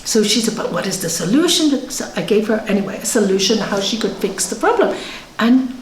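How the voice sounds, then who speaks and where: A woman's voice: medium pitch, brisk, a little hiss or hum. A woman yoga teacher giving a conversational spiritual talk, telling stories and acting out what people said. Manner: conversational, animated, tells stories with acted quotes. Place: yoga centre hall. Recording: echoey room.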